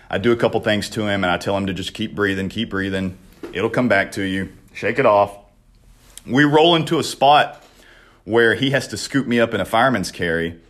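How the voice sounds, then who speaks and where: Podcast co-host, young man, low-ish voice, profane rambling storyteller. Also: a bit bright.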